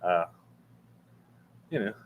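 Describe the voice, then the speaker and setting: Speaking extremely slowly, a man hosts a casual livestream from a room with a fan going, answering chat. He rambles with lots of fillers and restarts, and the sound is phone-quality.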